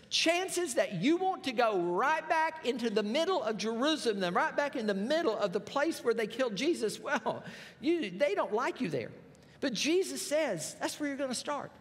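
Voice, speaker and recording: High-voiced pastor preaching. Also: male voice. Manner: storytelling, animated retelling of scripture with folksy asides. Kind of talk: sermon. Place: church sanctuary. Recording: long reverb of a church hall.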